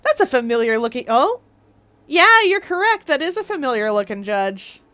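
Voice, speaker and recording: A woman's voice: sits high, big pitch swings, moderate pace, bright, forceful tone, dry recording. Woman streamer, live gameplay chat, playful, rambling, self-mocking. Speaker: game streamer. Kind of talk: casual live gameplay commentary.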